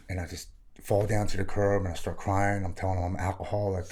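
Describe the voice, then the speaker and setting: Speaking fast in a low, darkish voice with little pitch movement, this Maryland man in his 40s frankly recounts his recovery as a podcast guest. The storytelling is candid and personal, his manner earnest and plain-spoken.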